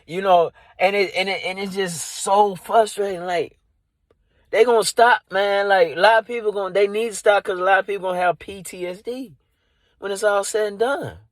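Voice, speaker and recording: A man's voice: high voice, steady tone, normal speed, no echo. A man doing improvised comedy from inside a car, rambling and leaning on "you know" and "like". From Dallas area.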